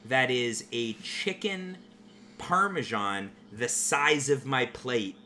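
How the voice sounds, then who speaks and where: Bright-voiced man telling stories. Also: medium pitch, slow pace, slight background noise. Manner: profane, animated anecdote teller. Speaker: podcast host. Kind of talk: casual storytelling.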